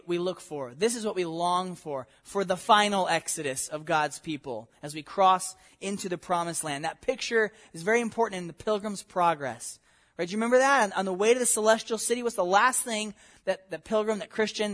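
A male Bible teacher with a notably high voice, animated and conversational. He laughs easily and keeps checking in with his listeners. His delivery has the feel of an informal class rather than a formal sermon. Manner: animated, checks in with "okay?" and "right?", laughs often.

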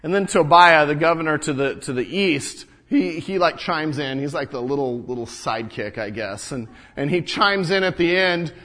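A man with a slightly high, somewhat bright voice talks at a moderate pace, animated and barely pausing. Playing a sincere and indignant Jerusalem wall-builder and father from ancient times, he tells his story in the first person as a biblical monologue, stumbling over repeated words.

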